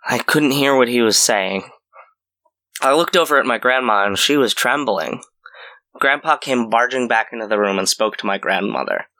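A man narrating a scripted horror story in a measured storytelling way. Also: mid-range voice, sharp tone.

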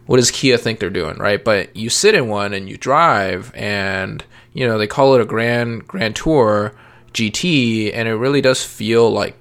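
A man's voice: on the low side, a little slow, a bit bright, clear, resonant tone. A man talking casually about parenting and cars, rambling with many fillers and restarts. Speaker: parent podcast guest. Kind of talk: casual chat.

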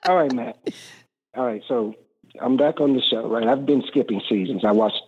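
A man calling in to a comic book chat show, talking in an easygoing, halting way with frequent fillers. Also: mid-range voice, breathy edge. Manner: easygoing, hesitant with many fillers. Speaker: caller. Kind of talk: casual call-in chat. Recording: tinny phone line.

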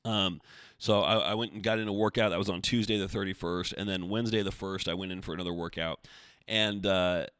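A man's voice: low-pitched, fairly even intonation, a little fast, a bit bright, smooth, no room sound, studio quality. A man hosting his own podcast alone, chatting in a rambling, jokey, self-deprecating way. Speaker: podcast host. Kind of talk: casual solo podcast talk.

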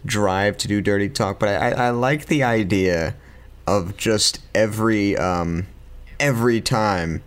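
A man co-hosting a podcast in casual chat, playful and animated. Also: on the low side, measured pace. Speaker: podcast co-host.

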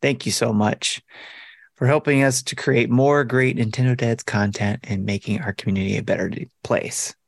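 A man's voice: medium pitch, steady tone, moderate pace, vocal fry, no room sound, studio quality. Upbeat man hosting a podcast. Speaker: podcast host. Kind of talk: casual podcast chat.

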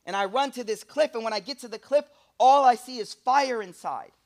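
A man with a high-pitched voice delivers a storytelling sermon. He acts out a dream story, swinging from loud, excited lines to hushed ones. His talk is casual, with bits of slang. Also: a little fast. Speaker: speaker, Islamic teacher.

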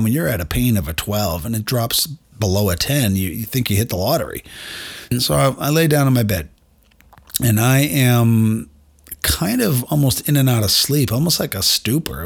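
Husky-voiced man telling a personal story. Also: mid-range voice. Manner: candid, self-deprecating, addresses listeners directly. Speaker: podcast host.

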